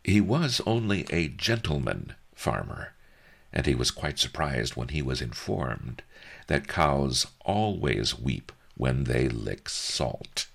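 This audiobook is read by a man whose voice is extremely deep and gravelly. He narrates slowly and without hurry, with a dry, wry tone and a lively melody that rises and falls.

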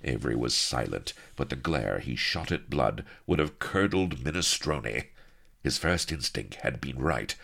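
Very deep, gravelly man narrating wryly. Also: expressive, a little slow, fairly bright tone. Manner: wry, mock-heroic storytelling. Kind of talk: comic audiobook narration.

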